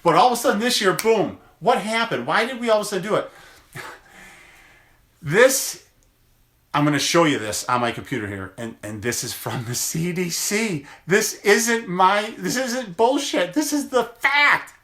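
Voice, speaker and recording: A chiropractor talking casually to viewers in a phone livestream, emphatic and full of rhetorical questions. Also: male voice, sits high, animated, normal speed, fairly bright tone.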